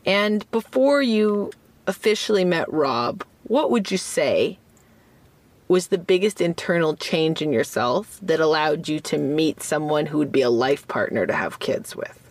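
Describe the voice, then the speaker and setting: A woman hosting a casual interview, reacting with excited surprise and reflecting earnestly. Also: low-pitched, measured pace, no echo. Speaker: podcast host.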